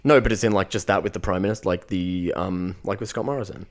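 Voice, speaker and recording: A man's voice: sits low, quick pace. A young Australian man co-hosting a podcast in casual, laid-back chat, full of swearing, laughter and fillers. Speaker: podcast co-host.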